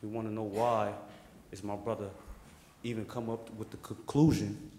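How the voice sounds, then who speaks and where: A man stands before a council and demands answers, pressing hard and repeating his questions. His voice is low. The chamber is echoey with long reverb and faint noise. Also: little pitch movement, normal speed, mellow. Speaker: family member speaking at public comment. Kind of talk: public statement at a council meeting.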